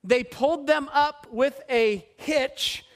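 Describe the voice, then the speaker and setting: A man preaching a sermon as pastor, animated and putting questions to the congregation. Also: very high voice, slow.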